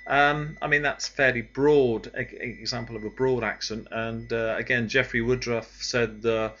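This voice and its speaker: A man's voice: mid-range voice, fairly even intonation, normal speed, sharp tone. A man from Bristol with a Bristolian accent, explaining in an unscripted, hesitant way and slipping between accents. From Bristol, England. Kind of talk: casual explanatory talk. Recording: dull lo-fi recording.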